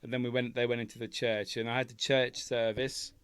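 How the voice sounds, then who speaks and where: Brief: male podcast co-host, mid-pitched, swears constantly, rants in bursts. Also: fairly quick, clean tone, no echo. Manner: ranting, heavy swearing, animated outbursts. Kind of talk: casual chat.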